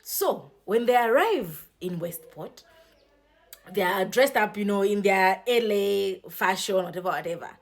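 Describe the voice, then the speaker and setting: A woman's voice: medium pitch, unhurried. A woman giving a casual book review, retelling the story in a chatty, dramatic way with mixed-language asides.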